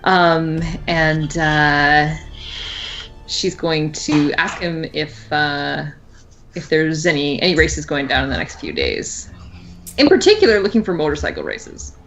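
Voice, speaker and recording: A woman describing her character's plans in a tabletop game, pausing often and hesitantly. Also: low voice, sing-song, fairly bright tone, a little hiss or hum, rough recording. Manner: hesitant, many fillers. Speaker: player.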